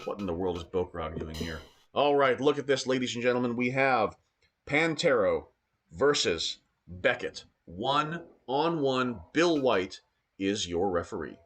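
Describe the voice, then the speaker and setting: Breathless, shouting wrestling commentator man. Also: medium pitch, a little slow. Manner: excited, shouting calls with frequent restarts. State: out of breath, scratchy throat. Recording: loud background noise.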